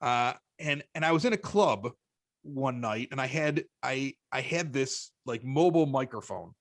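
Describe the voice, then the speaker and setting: A man with a Chicago accent, a podcast guest telling stories in casual chat, animated and often stammering through restarts. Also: mid-range voice, normal speed, no room sound. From Chicago, United States.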